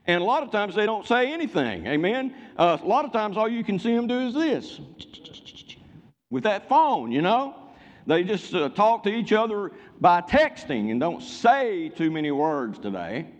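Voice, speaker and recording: A man's voice: high-pitched, big pitch swings, moderate pace. An older man preaching a sermon in a church, folksy and joking, calling out for amens from the congregation. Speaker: pastor. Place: church sanctuary. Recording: muffled church recording with long reverb.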